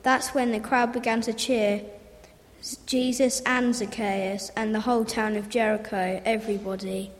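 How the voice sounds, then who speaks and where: A woman reading a children's story aloud in a lively, repeating storybook manner. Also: a little high, normal speed. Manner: lively, repetitive storybook phrasing. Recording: roomy hall reverb.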